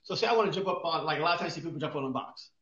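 On a roomy, dull, lo-fi recording, a male podcast co-host who is an exercise expert talks casually about exercise, frequently restarting and asking himself rhetorical questions. His fairly high voice is expressive, bright, and forceful, and he talks at a racing pace.

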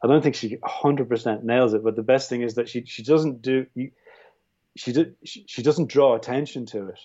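A man's voice: mid-range voice, normal speed, mellow, dull audio. An Irish man, a guest on a podcast, talking through films thoughtfully with many restarts and "you know"s. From Ireland. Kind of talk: casual film discussion.

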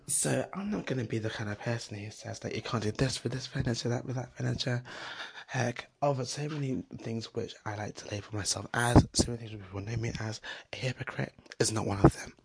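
A woman with a gravelly, husky voice rambles through a story to camera. She is blunt and sassy, jumping from loud, animated outbursts to quiet, almost whispered asides. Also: a bass voice. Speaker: vlogger.

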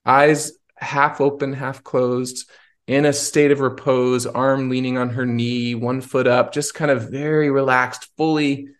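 A man's voice: medium pitch, level tone, measured pace. A man hosting a podcast who tells a personal story in an earnest, searching way, often restarting his sentences. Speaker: podcast host. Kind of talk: reflective personal storytelling in conversation.

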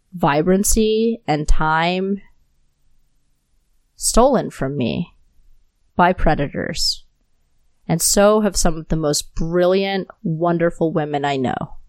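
A woman's voice: on the low side, slow, pauses often, dry recording. A woman hosting her solo podcast, talking straight into her new mic, angry and impassioned, swearing often. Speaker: podcast host.

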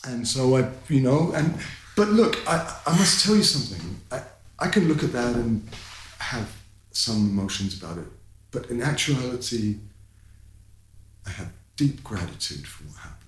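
A man, a guest telling a personal story in conversation, animated and candid, his voice climbing in the tense parts, with fillers and swearing. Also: medium pitch, moderate pace, echoey room, low-quality recording. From London, England.

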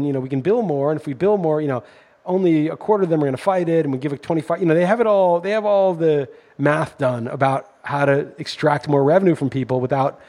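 Middle-aged male podcast host, rapid husky delivery, riled-up storyteller. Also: a little high, dark tone. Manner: indignant, storytelling, rising intensity when ranting. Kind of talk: casual podcast chat.

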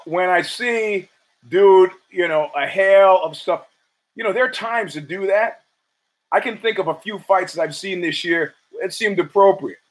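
A man's voice: high voice, low-quality recording. A man hosting his own show, telling a rambling, profane story with stammered restarts and acted-out dialogue. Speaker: podcast host. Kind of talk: casual storytelling monologue.

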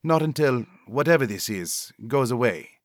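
A man's voice: medium pitch, lively intonation, moderate pace, no echo, studio quality, close to an everyday voice. A man reading a story aloud, voicing a worried young woman who talks earnestly to her cousin.

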